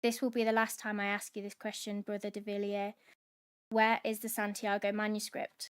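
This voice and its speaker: A woman voicing a cold German male assassin in a read-aloud novel, demanding answers in a flat tone. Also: medium pitch, normal speed, clear, resonant tone, dry recording, studio quality, natural voice.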